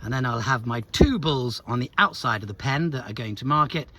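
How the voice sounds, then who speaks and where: A man's voice: medium pitch, brisk, bright, forceful tone. A man vlogging from his farm, chatting to the camera and coaxing his cattle along. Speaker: farmer vlogger. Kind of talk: casual farm vlog narration. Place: outdoors on a farm and at a livestock market.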